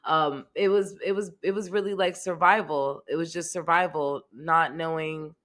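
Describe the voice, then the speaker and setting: A woman with a slightly low voice answers interview questions candidly. She speaks haltingly, searches for her words and breaks into laughter now and then. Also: fairly even intonation, fairly bright tone. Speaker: guest.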